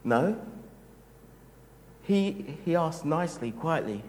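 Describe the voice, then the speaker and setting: A man preaching a sermon in a gentle, reflective, unhurried way. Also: medium pitch, long reverb tail, a little hiss or hum, rough recording.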